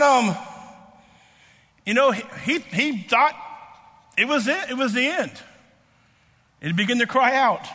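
High-voiced guy preaching, stumbles and repeats a lot, echoey church hall. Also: bright, forceful tone. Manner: halting, repeats words, many fillers. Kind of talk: sermon.

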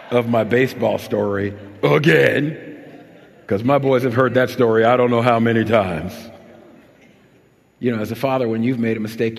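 A man preaching a sermon, telling a personal story, swinging between emphatic appeals and low, quiet recollection. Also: creaky. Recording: long hall reverb.

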